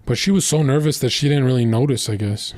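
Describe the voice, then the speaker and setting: Blunt young man with a dark voice. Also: mid-range voice, fast, no room sound. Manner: blunt, crude and boastful. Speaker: streamer. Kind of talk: casual storytelling monologue.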